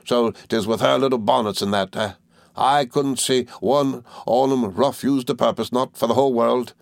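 A man voicing a hearty, jovial old fisherman with a broad rustic dialect and booming laughs. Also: steady tone, moderate pace, gravelly, dry recording, studio quality, close to an everyday voice.

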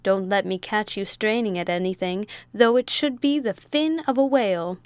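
A woman's voice: medium pitch, moderate pace, a little mellow, smooth, no room sound, natural voice. A woman reading an audiobook, voicing a bossy middle-aged male sea captain who barks orders. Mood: sly mocking. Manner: barking orders, blustering.

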